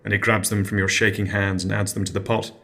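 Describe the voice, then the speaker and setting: Fairly low mild british-ish guy... no, just a low mild hesitant guy doing a dry absurdist comedy podcast. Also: little pitch movement, fast talker, fairly bright tone. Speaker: podcast host.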